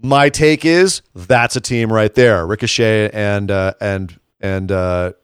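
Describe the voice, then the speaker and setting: A man's voice: fairly low pitch, takes it slowly, clean tone, no room sound, studio quality. A man co-hosting a podcast, chatting animatedly in a casual wrestling recap. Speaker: podcast co-host.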